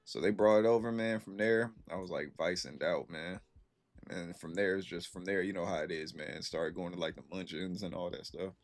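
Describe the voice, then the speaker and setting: A young man talks loosely to his stream viewers, slangy and unhurried. His voice sits a little low, and he comes through a close computer mic. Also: steady tone. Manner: laid-back slangy storytelling, reacting to chat. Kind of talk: casual chat with stream viewers.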